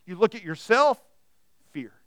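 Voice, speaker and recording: A man preaching a sermon, animated and repetitive, acting out the voices he quotes. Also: sits high, measured pace, no echo. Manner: animated, repeats words, acts out quoted voices. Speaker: pastor.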